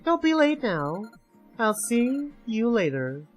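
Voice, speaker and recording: A man's voice: extremely high pitch, big pitch swings, slow, highs cut off, soft background music, pitched above the performer's own voice, exaggerated voice. A man voicing a mocking mastermind who runs a death game, with a taunting, theatrical announcer's delivery.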